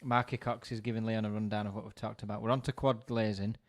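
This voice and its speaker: A man's voice: lowish voice, level tone, fast. A man from Bradford with a West Yorkshire accent, co-hosting a podcast in casual, jokey chat and often repeating words. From Bradford, England. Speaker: podcast co-host.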